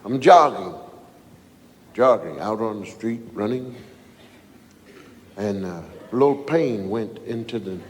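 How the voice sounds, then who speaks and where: A man in his forties speaking reflectively in a halting, hesitant way. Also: lowish voice, lively intonation. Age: 40s. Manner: slow, halting, hesitant delivery. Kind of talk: reflective monologue. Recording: reverberant hall with faint background noise.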